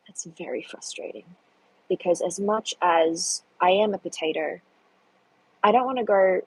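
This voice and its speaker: Chatty young woman, husky voice. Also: on the low side, rough recording. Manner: chatty, self-deprecating, reads chat aloud with laughs. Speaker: live streamer. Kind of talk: casual live stream chat. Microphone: phone.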